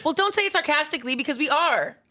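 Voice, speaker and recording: Bright-toned woman co-host, quick to tease. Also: sits high, animated. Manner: quick, teasing reactions. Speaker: podcast co-host. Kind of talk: casual comedic banter.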